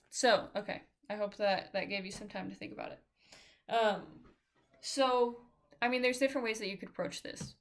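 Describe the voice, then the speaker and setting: A woman teaching a philosophy class, her voice sitting at an ordinary middle pitch. She talks casually and haltingly, with frequent fillers and restarts. She sounds out of breath. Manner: casual, hesitant, many fillers and self-corrections. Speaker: philosophy lecturer. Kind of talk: informal recorded lecture.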